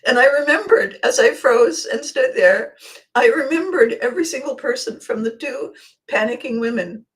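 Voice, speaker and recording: A woman hosting a podcast, telling a funny personal anecdote in an animated way and laughing often. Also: fairly high pitch, normal speed. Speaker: podcast host. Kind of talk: storytelling anecdote.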